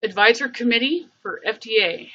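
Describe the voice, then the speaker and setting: Woman streamer, casual, rambling, bright tense tone, lo-fi mic. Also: a little high, normal speed. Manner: rambling, thinks aloud with many fillers. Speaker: livestream host. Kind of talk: casual livestream chat.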